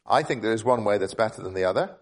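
A man delivers an expository sermon earnestly and fast, with expressive delivery, often restarting and repeating words as he thinks aloud and jumping suddenly upward in pitch for emphasis.

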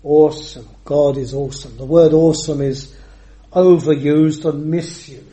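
A man's voice: a little high, fairly even intonation, dark tone. An older man preaching a sermon, emphatic, drawing out words and shifting his volume. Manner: emphatic, varies pace and volume, drawn-out words. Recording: echoey hall.

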